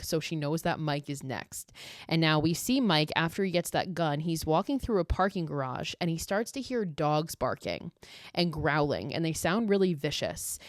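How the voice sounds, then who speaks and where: A young woman with a fairly low voice tells a horror movie's plot in a casual, animated way, swearing freely. Her voice is close and dry, with no room sound. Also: no echo. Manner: profane, animated storytelling. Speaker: podcast host.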